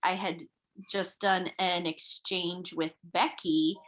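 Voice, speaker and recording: A woman's voice: lowish voice, steady tone, slow, a bit bright, poor audio. A young woman on a video call who shares personal reflections hesitantly, with many fillers and restarts. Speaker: book club member. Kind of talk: casual reflective sharing.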